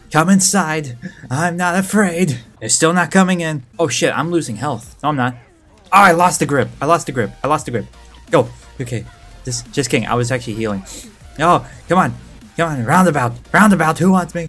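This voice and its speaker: A man giving live, excitable gameplay commentary, yelping, laughing and repeating words in quick bursts. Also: medium pitch, faint music behind. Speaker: gaming channel host.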